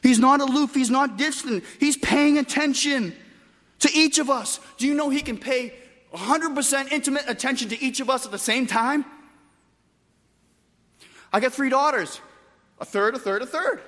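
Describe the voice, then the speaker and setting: A man preaching a sermon with emphatic delivery, moving between loud bursts and quiet, soft passages. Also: very high-pitched, normal speed, long pauses, big-room sound. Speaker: pastor.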